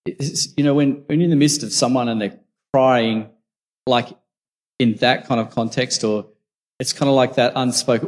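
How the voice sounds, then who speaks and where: A man preaches a sermon in a steady, medium-pitched voice at normal speed. He reads scripture, then reflects on it in a conversational, storytelling manner, with long reverb from a large hall.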